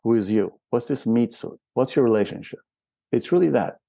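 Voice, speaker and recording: Older man, gravelly voice, dry close sound, reflective guest, patient explanations. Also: mid-range voice, lively intonation, fairly quick, mellow, no room sound. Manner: explains patiently with rhetorical questions. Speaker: spiritual counselor and healer, interview guest. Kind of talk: reflective interview talk.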